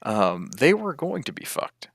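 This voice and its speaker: Gravelly man, bright dry voice, game master narrating, casual and joking. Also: mid-range voice, big pitch swings, unhurried, dry recording. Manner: loose, joking, swears casually.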